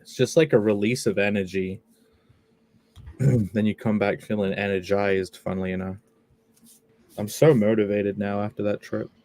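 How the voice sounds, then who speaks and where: A man's voice: on the low side, fairly even intonation, moderate pace, pauses often, darkish tone, no echo. A young man hosting a casual livestream, reading chat messages aloud and laughing often. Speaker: livestream host.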